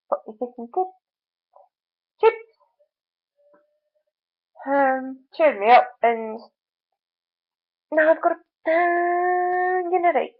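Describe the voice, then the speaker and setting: A young woman with a slightly high, gravelly voice vents in a casual video diary, frustrated and full of "like"s. The sound is thin and tinny, like it came through a phone line. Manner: venting, frustrated, many fillers. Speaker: vlogger.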